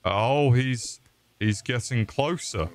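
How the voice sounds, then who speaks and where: A man's voice: mid-range voice, slow. Foul-mouthed male game streamer. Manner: crude, swearing, jokey. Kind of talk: casual gaming commentary.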